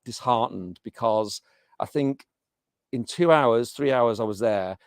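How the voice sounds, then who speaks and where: The interviewee, a middle-aged English teacher, keeps stopping to restart and uses many fillers during a casual conversation. He speaks a little slowly in a smooth, mid-range voice, captured in studio quality without echo.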